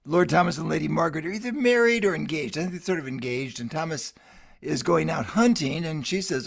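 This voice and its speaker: A man's voice: on the high side, lively intonation, a little fast, creaky. A man retelling an old ballad's plot in a casual, rambling storytelling manner, with many restarts. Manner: rambling, offhand, with frequent restarts. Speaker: folk song performer explaining a ballad.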